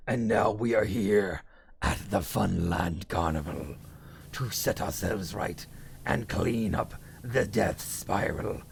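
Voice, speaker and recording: A male streamer voicing a boastful, grumpy demon lord with a deep gravelly growl, narrating theatrically with crude asides. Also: slow, slight background noise, exaggerated voice. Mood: grandiose. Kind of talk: live-stream character voice.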